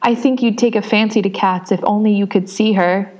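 A woman's voice: mid-range voice, fairly even intonation, fairly quick, darkish tone, close to an everyday voice, poor audio. A woman voicing a polite, chatty young girl in a storybook reading. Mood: soothing. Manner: soothing, eager.

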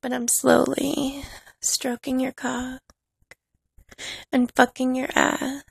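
A woman with a fairly high voice and a gravelly, fry-tinged edge speaks in an unhurried, teasing, commanding way, laughing softly between lines. She performs a dominant adult audio role-play into a close, dry mic. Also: no room sound.

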